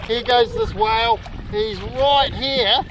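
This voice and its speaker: A middle-aged man with a New Zealand accent, narrating an excited outdoor vlog from a kayak at sea and often calling out loudly. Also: extremely high pitch, slow. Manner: excitable, exclaiming, calls out loudly. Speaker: kayak fishing host. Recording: wind and water noise.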